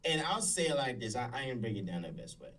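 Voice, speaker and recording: A man arguing his point as a panelist on a sports debate show, breaking it down in a measured way. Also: medium pitch, big pitch swings, fairly bright tone, distant mic, low-quality recording.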